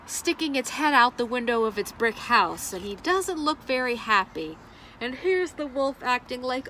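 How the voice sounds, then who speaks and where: A woman librarian reads a picture book aloud at children's story time, animated and asking her listeners questions. Her voice is high and her pace measured, with slight background noise.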